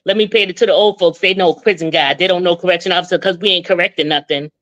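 A woman's voice: on the low side, quick pace, fairly bright tone, lo-fi sound, a little hiss or hum. A woman in her forties from Boston with a Boston accent, chatting as a caller on a live call-in show in a talkative way. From Boston, Massachusetts. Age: 40s. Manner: chatty, talks over the host, laughs often. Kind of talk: casual call-in chat.

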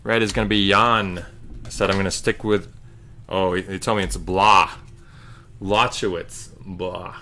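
A man's voice: low voice, steady tone, unhurried, pushed and bright. A man hosting a live trading card break, casually calling out each card as he opens packs.

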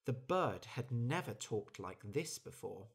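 A storyteller reading a children's story slowly and clearly for English learners. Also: medium pitch. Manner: clear, deliberate, expressive.

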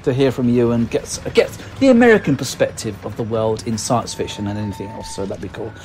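Rambling man with a lively voice. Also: medium pitch, fast talker, slight background noise, rough recording. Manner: rambling, self-deprecating, lots of fillers and restarts. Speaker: podcast co-host. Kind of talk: casual chat.

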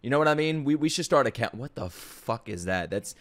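A young man reacting out loud to an anime as a streamer, loud and exclamatory, swearing freely and talking back to the screen. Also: mid-range voice, expressive, brisk. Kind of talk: excited anime reaction commentary.

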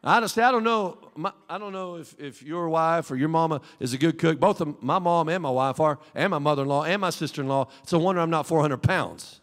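A middle-aged man, the pastor, preaching a Pentecostal sermon in a folksy, animated way with homely asides. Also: fairly high pitch, a little fast, few pauses. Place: church sanctuary. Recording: long hall reverb.

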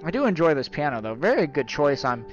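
Man, slightly high voice, horror-game commentator, wisecracking and jumpy, faint music underneath. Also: sing-song, fast talker, highs cut off. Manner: jokey, talks to the game's portraits, yelps when startled. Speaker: gaming YouTuber.

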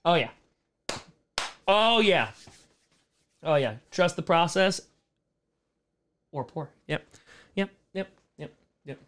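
Man, thirties, live-stream host, casual chat, sarcastic, jokey, slightly high voice. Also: expressive, slow pace, pauses often, a bit bright. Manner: jokey, sarcastic, reads chat aloud and riffs on it.

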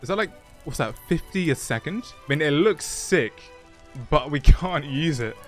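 A young man playing a video game, talking through it with excited, jokey, self-mocking commentary and short narrated asides. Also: a little high, normal speed, faint music behind. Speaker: gaming YouTuber. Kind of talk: playthrough commentary with voice-over narration.

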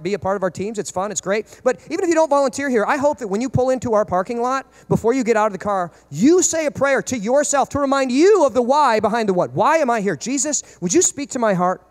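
A man in his thirties preaching a sermon as pastor, emphatic and full of rhetorical questions. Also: extremely high pitch.

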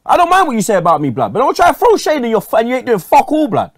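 A man with a very high, wildly swooping voice rants furiously as a fan pundit, talking rapid-fire. Angry and swearing, he ends every line with street slang. The recording is clean studio sound with no echo.

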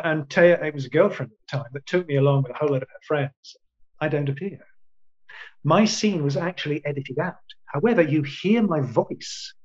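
Older guy in his 60s rambling thru stories on a call, slightly high voice, kinda muffled lo-fi sound. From England. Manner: rambling anecdotes with many restarts and quoted asides. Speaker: actor, interview guest. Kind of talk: casual storytelling in an interview.

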